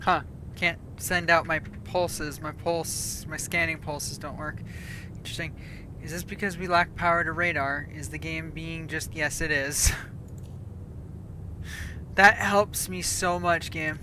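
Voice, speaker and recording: A woman's voice: sits low, fairly even intonation, measured pace, background noise. A woman from Canada, chatting casually and self-deprecatingly while streaming a game, often muttering to herself. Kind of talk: casual livestream chat while gaming.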